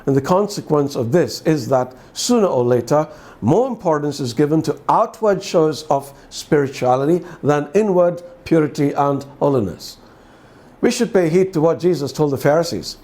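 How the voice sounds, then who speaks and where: A man with a fairly high voice and a distinctive accent reads scripture and then reflects on it. He talks to the listener in a conversational way, with wry questions and dry humor. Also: lively intonation, normal speed, darkish tone. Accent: distinctive accent, often questioned. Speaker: preacher giving a daily devotional. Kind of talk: gospel reading and reflection.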